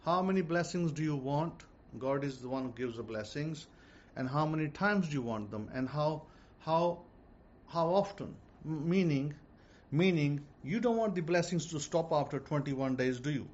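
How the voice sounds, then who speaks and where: Male religious teacher, informal and repetitive, slightly high voice, dull lo-fi audio. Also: a little mellow. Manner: repetitive, slow and deliberate when dictating words. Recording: dull lo-fi audio with faint noise.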